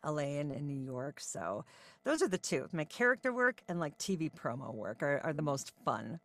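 A woman in her forties with a low voice talks about her voice-over work as an interview guest. She sounds upbeat and chatty, with plenty of ums. Her delivery stays easygoing and conversational. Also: sing-song, normal speed, fairly bright tone, dry recording. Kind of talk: podcast interview.

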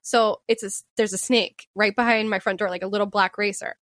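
A woman co-hosting a podcast, telling a story in casual chat, animated, swearing freely and laughing often. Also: mid-range voice, a little fast, no room sound. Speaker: podcast co-host.

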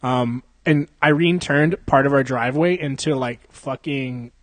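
A man's voice: medium pitch, measured pace, no room sound. A young adult man chatting casually, rambling through crude stories full of swearing and frequent laughter. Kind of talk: casual chat.

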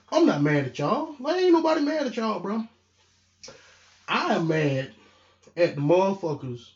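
Animated young man ranting on a podcast. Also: high-pitched. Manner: animated, profane, rising to near shouts when heated. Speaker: podcast host. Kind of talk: casual solo podcast rant. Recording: echoey, dull lo-fi room.

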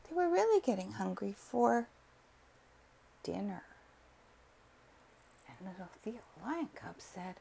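Slow, soft-spoken woman telling a bedtime story. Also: medium pitch, sing-song, vocal fry, slightly rough. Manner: soft and slow, dropping to whispers.

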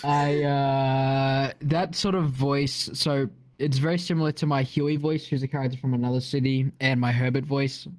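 A man's voice: medium pitch, level tone, moderate pace, hardly any pauses. A man chatting casually on a gaming podcast, rambling and offhand, with the odd swear. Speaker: roleplay player, podcast guest.

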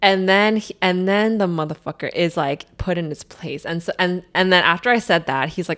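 A woman's voice: lowish voice, moderate pace, few pauses, fairly bright tone. Young woman rambling with "like" fillers. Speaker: storyteller. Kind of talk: casual chat.

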